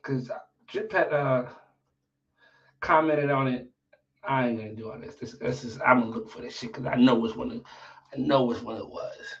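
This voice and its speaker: A man hosting a casual livestream chat, slangy and profane, swinging from mumbles to shouts. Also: mid-range voice, normal speed, long pauses, recorded from a distance, muffled recording. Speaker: livestream host.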